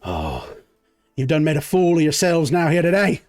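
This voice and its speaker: A man's voice: on the high side, sing-song, normal speed, darkish tone, no echo, studio quality, faint music behind. Guy doing a growly bandit leader, mad as hell, raised voice. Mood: angry. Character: gruff enraged male bandit leader.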